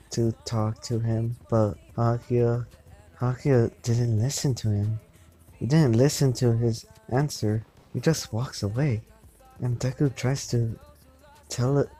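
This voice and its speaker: Brief: slow, hesitant man narrating a homemade story, mellow tone, faint music behind. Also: medium pitch, poor audio. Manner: halting, with restarts and repeated words. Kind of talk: improvised fan-fiction narration.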